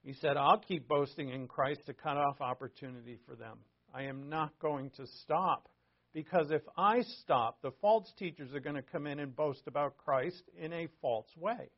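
A man delivers a sermon that moves between scripture reading and relaxed, conversational explanation. His voice sits a little high. The recording sounds dull and lo-fi. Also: normal speed. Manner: reads scripture aloud, then explains it conversationally with asides. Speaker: pastor. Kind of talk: verse-by-verse sermon.

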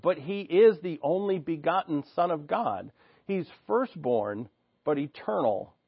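A man's voice: a little high, expressive, measured pace, gravelly, husky, no echo, highs cut off. A man preaching an expository sermon, reading scripture aloud and explaining it in an earnest, teaching way, thinking aloud with restarts.

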